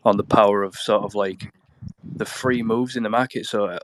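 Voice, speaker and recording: A man's voice: on the low side, steady tone, normal speed, a little hiss or hum. A man calling in to a live audio show, talking in a rambling, casual way and laughing at his own slips. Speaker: caller. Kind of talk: casual call-in chat.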